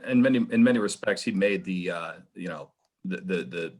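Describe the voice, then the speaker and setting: A man in his forties hosting a podcast, telling an anecdote in quick, lively casual chat. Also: low-pitched. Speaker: podcast host.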